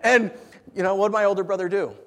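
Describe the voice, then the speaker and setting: Animated preacher in a reverberant hall. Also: male voice, high voice, fast talker. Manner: animated, playful storytelling with big vocal swings. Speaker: pastor. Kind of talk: sermon. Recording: long reverb of a large hall.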